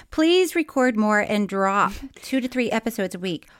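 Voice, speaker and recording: A woman's voice: medium pitch, lively intonation, measured pace, clear, resonant tone. A woman co-hosting a chatty podcast, laughing often and reading listener mail aloud with quirky emphasis on odd words. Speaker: podcast co-host. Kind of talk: casual podcast chat.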